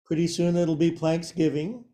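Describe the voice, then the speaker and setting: A man's voice: fairly high pitch, fairly even intonation, moderate pace, dark tone. A man teaching a yoga class and guiding poses with a playful, joking manner.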